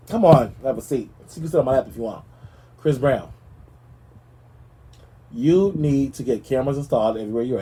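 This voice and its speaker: A man hosting a gossip show, talking in a sassy, animated way and speaking straight to the celebrities he discusses. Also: medium pitch, rough recording. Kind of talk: casual celebrity gossip commentary.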